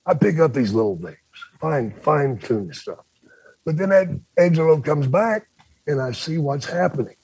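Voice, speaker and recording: An older man spins a loud, profane road story in easy podcast chat. His voice is husky and sits a little high. He is recorded dry and close. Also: moderate pace, dry recording. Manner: animated, acts out voices, swears freely. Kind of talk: casual storytelling.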